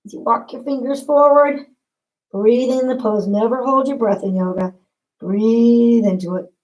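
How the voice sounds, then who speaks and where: A woman talks a class through yoga poses one cue at a time, calm and encouraging. Her voice sits a little on the high side. She keeps a steady, guiding tone as she instructs. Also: unhurried, rough recording. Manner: calm and encouraging, step-by-step cues.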